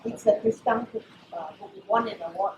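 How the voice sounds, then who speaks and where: Speaking briskly in a mid-range voice against a noisy background, a middle-aged woman with a Malaysian accent leads a live cooking class as a chef. The hotel kitchen is echoey. Her manner is chatty and explanatory, and she frequently checks in with "you know" and "all right."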